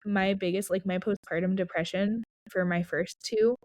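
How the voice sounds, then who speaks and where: A woman speaks candidly and earnestly as a podcast guest. She has a middle-pitched voice. The recording is dry and close. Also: steady tone, moderate pace, a little mellow, no echo. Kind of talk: casual chat.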